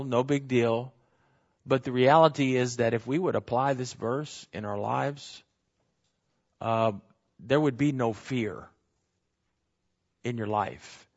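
Emphatic male preacher, lo-fi sound. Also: mid-range voice. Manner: repetitive emphatic preaching with frequent tag questions. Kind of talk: sermon.

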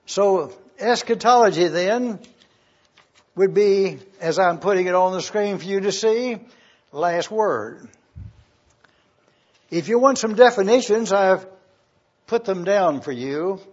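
A man preaching a teaching sermon, reading scripture aloud and slowly spelling out terms. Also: high voice, animated. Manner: slow and deliberate, spelling out terms. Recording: dull lo-fi sermon recording.

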